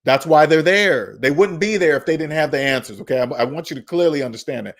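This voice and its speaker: A man's voice: a little high, quick pace. A man hosting a personal finance channel, talking in an emphatic, preachy way, repeating his points and scolding viewers. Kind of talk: emphatic monologue.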